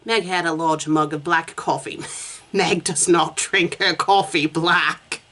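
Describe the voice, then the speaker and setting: A woman's voice: low voice, fairly even intonation, slow, a bit bright, a little hiss or hum. An English woman reviewing fanfiction, reading a story aloud and breaking off for sarcastic asides and laughter.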